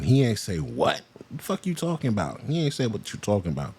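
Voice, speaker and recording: A man's voice: lowish voice, wildly swooping pitch, fairly quick, a little mellow, slightly rough. A man hosting a reaction video, casually commenting and mockingly imitating the people in the clips. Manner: laid-back, mocking, mimics clip speakers.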